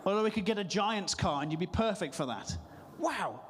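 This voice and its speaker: A man's voice: high-pitched, lively intonation, a little fast. A male comedian doing live stand-up and chatting and teasing the audience. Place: church hall, live show. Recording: long hall reverb.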